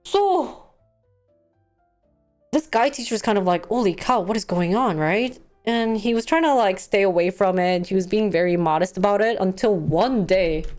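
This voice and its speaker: A woman's voice: medium pitch, animated, moderate pace, a little mellow, faint music behind. A woman hosting a talk show, telling a story casually with lots of fillers and acted-out quotes. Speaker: host.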